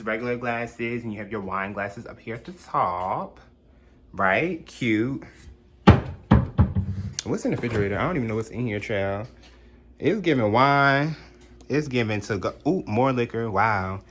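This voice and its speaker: A man's voice: medium pitch, a bit bright, slight background noise. Sassy chatty young man. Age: young adult. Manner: sassy and chatty, drawling slang asides. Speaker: vlogger giving a home tour. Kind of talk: casual home tour chat. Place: small apartment indoors.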